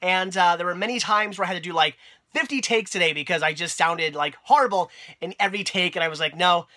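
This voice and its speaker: A man's voice: high-pitched, fast, sharp tone. A young man with a head cold, sounding congested, chatting upbeat about his finds, with lots of fillers and restarts. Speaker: video host and collector. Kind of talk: casual vlog narration.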